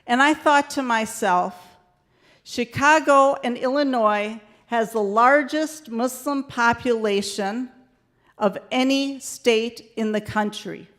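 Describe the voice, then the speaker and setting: A woman giving a formal fundraising appeal from a podium in a large hall, slow, deliberate and emphatic. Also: a little high, a bit bright. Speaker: speaker making a fundraising appeal.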